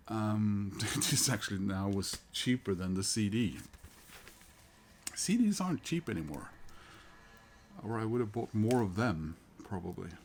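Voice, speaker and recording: A man's voice: fairly low pitch, a little hiss or hum. A middle-aged man, chatting casually about records he bought, hesitant and full of fillers. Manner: hesitant, many fillers and restarts, chuckles. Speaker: record collector vlogger. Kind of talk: casual record haul chat.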